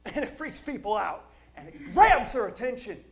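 A middle-aged man preaching a sermon, telling stories with jokes and asides in an animated way. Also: very high voice, normal speed, gravelly. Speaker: pastor.

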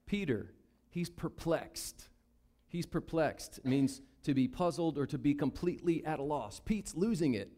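A man's voice: a little high, a little slow. A man with a Southern US accent preaching a sermon, acting out the Bible characters' lines. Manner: animated, acts out Bible characters in voices. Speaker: pastor.

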